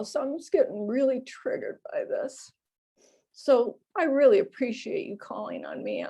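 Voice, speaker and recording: A woman on an online call, sharing at a recovery meeting. Her voice sits in an ordinary middle register and she sounds close to tears. She stops and restarts often and fills the gaps with soft fillers. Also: medium pitch. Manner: halting, emotional, many pauses and fillers. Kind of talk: personal share at a recovery meeting.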